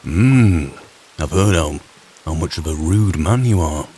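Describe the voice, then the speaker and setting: A man's voice: low-pitched, expressive, a little slow, mellow, a little hiss or hum. A man playing a blunt, teasing, suspicious frontier fisherman. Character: gruff cagey frontier man who fishes.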